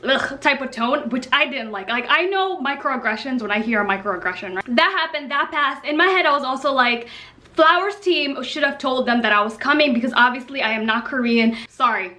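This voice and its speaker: A young woman telling a story in a casual, animated, slang-filled vlog. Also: high-pitched, a little fast. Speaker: vlogger.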